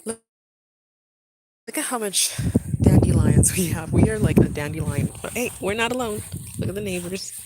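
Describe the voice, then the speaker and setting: A woman's voice: fairly low pitch, animated, moderate pace, long pauses. A young woman chatting casually to viewers in a home vlog while she does chores. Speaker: vlogger. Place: home and yard on a military base. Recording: loud background noise.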